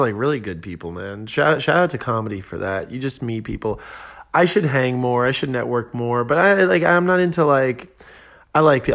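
A man's voice: medium pitch, gravelly, fairly bright tone. A young adult man, a stand-up comedian, rambling through a casual solo podcast monologue with self-deprecating asides and many fillers.

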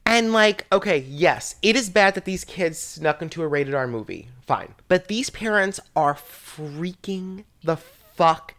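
A woman's voice: lowish voice, expressive, measured pace, a bit bright. A woman co-hosting a podcast, recapping a musical with wry, blunt and profane chat. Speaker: podcast co-host.

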